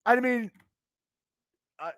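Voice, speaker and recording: Late at night, a fan show host streams from home, ranting in frustration over a lost game while he stammers and curses through viewers' comments. His voice is very high and fairly bright, and he speaks very slowly. The recording is clean studio sound with no room sound.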